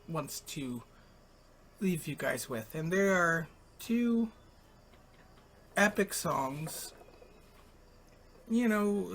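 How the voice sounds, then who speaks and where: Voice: medium pitch, a bit bright. A radio host talking casually on a late-night live show, rambling and frank, with loose casual swearing.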